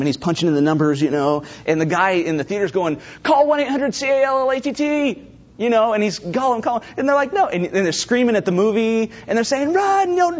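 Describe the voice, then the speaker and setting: A man's voice: a little high, muffled recording. A man preaching a sermon to a congregation, acting out quoted voices and speaking to them directly. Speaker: pastor.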